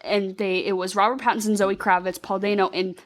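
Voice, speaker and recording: A woman co-hosting a podcast in casual chat, animated and swearing freely, her voice jumping high when she gets excited. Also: brisk. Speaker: podcast co-host.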